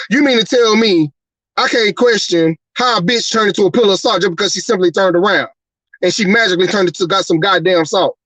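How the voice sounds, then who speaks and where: A man's voice: sits high, fairly bright tone, dry recording, poor audio. A man hosting a live podcast, delivering an angry, profane rant full of repeated rhetorical questions. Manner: profane, rhetorical, repeating "you mean to tell me". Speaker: podcast host.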